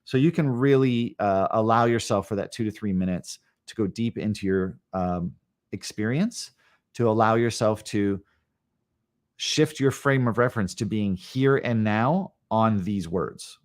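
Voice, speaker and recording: A man, an educator, guiding a live meditation lesson in a calm, unhurried way, with long pauses and slowly repeated short phrases. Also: lowish voice. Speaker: educator leading a live session. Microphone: live stream setup.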